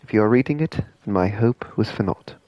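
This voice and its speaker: A man reading as a solemn, halting wizard. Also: lowish voice, mellow, no echo, highs cut off, natural voice. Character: earnest wizard writing a farewell letter.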